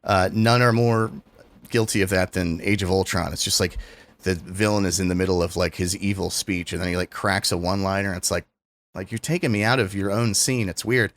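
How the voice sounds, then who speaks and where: A man co-hosting a casual podcast, talking animatedly with many filler words. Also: a little fast. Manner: animated, lots of filler likes, swings up in pitch when making a point. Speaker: podcast co-host. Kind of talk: casual chat.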